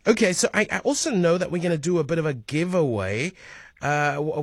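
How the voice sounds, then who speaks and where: A man's voice: fairly high pitch, lively intonation, brisk, dry recording. A man hosting a radio talk show in a chatty way, with frequent fillers and restarts. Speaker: radio host.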